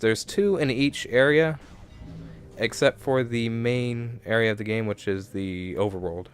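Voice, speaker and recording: A man's voice: mid-range voice, smooth. A young man giving casual let's play commentary into a desk microphone, rambling and correcting himself as he thinks aloud.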